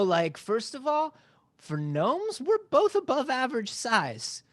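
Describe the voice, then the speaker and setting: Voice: sits high, wildly swooping pitch, slow, no room sound, clean studio sound. A player at a tabletop game who rambles, swears and talks casually.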